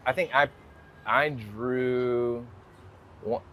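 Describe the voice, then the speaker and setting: With a little hiss or hum behind him, an American man draws out his words in a somewhat bright, medium-pitched voice. As a guest artist in an interview, he rambles casually and leans heavily on "like" and "you know."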